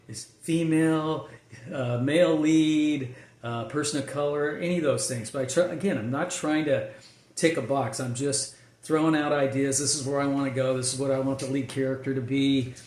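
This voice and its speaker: A man's voice: medium pitch, steady tone, moderate pace, a little mellow. Screenwriter guy rambling casually, lots of uhs and restarts, roomy echo. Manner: rambling, many fillers and restarts. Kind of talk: casual talk about screenwriting. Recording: echoey room.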